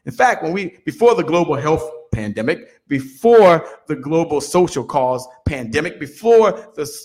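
A man in his fifties, a business guest on an interview show, telling stories in an animated motivational way and often repeating words as he builds up. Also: a little high, moderate pace. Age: 50s. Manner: animated storyteller, repeats words when excited.

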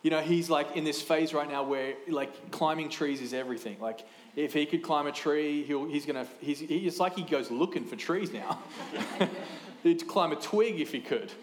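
A man in his thirties preaching a sermon in a lively, conversational way, with quick asides and restarts. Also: fairly high pitch, reverberant, a little hiss or hum. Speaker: pastor.

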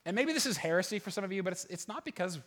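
A middle-aged man preaching as a pastor, earnest, with many restarts and fillers, getting animated as he goes. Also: high voice, very fast. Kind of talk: sermon with opening prayer.

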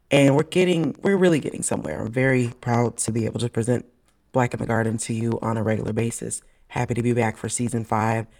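A woman hosting a podcast in animated, playful casual chat, laughing often. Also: very deep voice. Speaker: podcast host.

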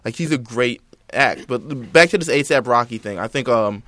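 A man's voice: medium pitch, moderate pace, fairly bright tone, no room sound, studio quality. A young man co-hosting a casual podcast about music, talking loosely with lots of fillers and swearing. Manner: loose, profane, many fillers. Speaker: podcast co-host.

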